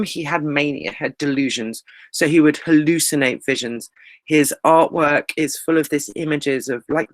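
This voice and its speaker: A man giving a recorded English lesson, explaining with lively energy. His voice sits a little high, and the sound is dry and close. He slows down to read lines of poetry. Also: dry recording. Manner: explanatory, lively, reads verse slowly. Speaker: English teacher. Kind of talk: recorded lecture.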